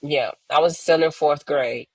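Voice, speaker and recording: A woman tells her own hard story as a guest on a remote call, earnest and slow, often pausing and acting out the voices of others. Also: low voice, gravelly, breathy edge, no room sound, poor audio. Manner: earnest, pauses often, acts out quoted voices. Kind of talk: emotional personal testimony, slow and reflective.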